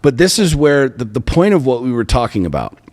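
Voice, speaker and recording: A man's voice: mid-range voice, very animated, brisk, a little mellow. Blunt guy cursing a lot on a couple's podcast, big echoey hall sound. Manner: blunt, profane, emphatic. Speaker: podcast co-host. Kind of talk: casual chat. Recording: long hall reverb.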